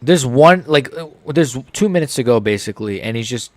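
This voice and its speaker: Young male fight-channel host, angry live reaction rant, lively swinging pitch, close dry sound. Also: moderate pace, no room sound. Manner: heated, ranting, swearing.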